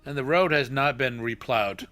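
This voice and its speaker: A man narrating as game master with relaxed, slow descriptive narration. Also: mid-range voice, faint music behind.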